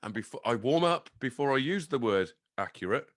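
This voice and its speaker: A man hosting a podcast, chatting casually with blunt, sweary banter and animated storytelling. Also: mid-range voice, brisk, dry recording, studio quality. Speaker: podcast host. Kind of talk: casual chat.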